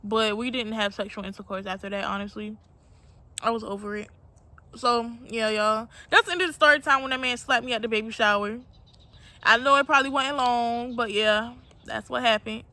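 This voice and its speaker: A woman's voice: on the high side, steady tone, normal speed, bright, forceful tone, dry recording. A young woman telling a personal story to her viewers in a casual, slangy, candid way, calling them y'all. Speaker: storytime vlogger.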